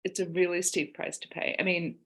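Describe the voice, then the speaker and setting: A woman's voice: on the low side, level tone, a little fast, a bit bright. A woman in her forties, a guest author in a casual podcast conversation, telling candid family stories and acting out the quoted lines. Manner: candid storyteller, acts out quoted dialogue.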